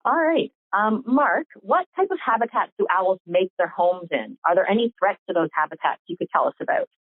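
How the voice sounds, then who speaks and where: A woman's voice: medium pitch, lively intonation, fairly quick, no echo. A woman hosting a conference call, upbeat and conversational. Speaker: host. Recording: tinny phone line, dry.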